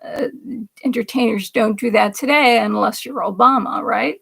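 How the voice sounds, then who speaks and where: A woman's voice: a little high, moderate pace, creaky, fairly bright tone, husky. A middle-aged woman hosting a casual political commentary livestream, chatting, reading viewer comments aloud and laughing often. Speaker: livestream host.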